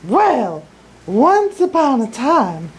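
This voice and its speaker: A woman's voice: high voice, big pitch swings, drawn-out words, breathy edge, heavily acted, low-quality recording. A woman voicing a bossy, sassy young village princess in an improvised comedy skit. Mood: storytelling. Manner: sassy and snappy.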